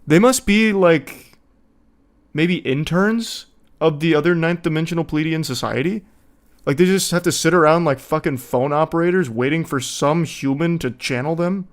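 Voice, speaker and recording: A man's voice: a little high, normal speed. A man doing casual reaction commentary in sarcastic, profane, mocking banter. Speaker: commentary host.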